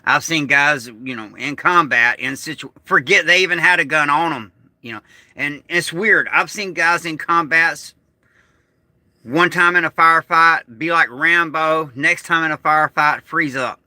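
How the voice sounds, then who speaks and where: A middle-aged American man vlogging about being upset and struggling with anger, talking in a halting way that trails off. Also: a little high, pushed and bright, no echo. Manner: agitated, slow and halting, trailing off. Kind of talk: emotional vlog monologue.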